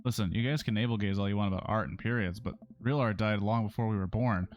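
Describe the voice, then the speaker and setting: A man's voice: fairly low pitch, steady tone, fast, highs cut off, faint music behind, natural voice. A man voicing a pompous grown man who lectures grandly about art. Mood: grandiose. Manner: lofty, dramatic, grandiose.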